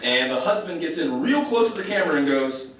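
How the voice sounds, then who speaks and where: A man doing a stand-up comedy set on a club stage with a live audience, animated and shouting his punchlines. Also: fairly high pitch, brisk. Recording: echoey club, distant mic, crowd noise. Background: audience laughter.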